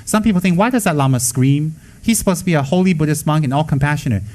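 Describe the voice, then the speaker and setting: A man giving a Buddhist dharma talk to students, blunt and scolding, with joking asides and quick acted-out quotes. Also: on the high side, darkish tone, low-quality recording. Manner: acts out quoted voices. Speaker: Buddhist teacher.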